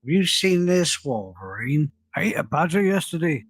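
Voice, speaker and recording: An actor playing a cocky, wisecracking masked antihero in a parody clip, bantering sarcastically with a put-on Canadian accent. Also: male voice, on the high side, very animated, normal speed, no echo.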